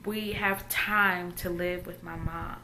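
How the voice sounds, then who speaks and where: A woman in her thirties with a Southern accent, talking quietly and haltingly in a personal vlog. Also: on the low side, steady tone, a little hiss or hum. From Texas. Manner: quiet, halting, often trailing off. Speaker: vlogger.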